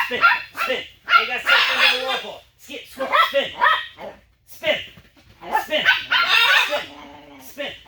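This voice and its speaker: A man performing a dog trick show, telling a rambling story and breaking off to cue his dogs. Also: very high voice. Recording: roomy, distant mic, background noise.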